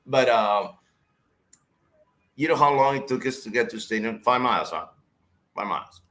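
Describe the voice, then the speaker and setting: A man with a tired, hoarse voice, telling a story in a casual chat as a guest commentator and repeating his words as he goes. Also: medium pitch, normal speed. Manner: animated storyteller, repeats words, calls listener brother.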